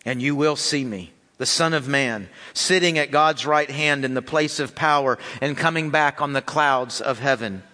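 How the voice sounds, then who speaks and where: Man reading as a grave, quiet accused man. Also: medium pitch, moderate pace, hardly any pauses, voice pushed down, natural voice. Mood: solemn.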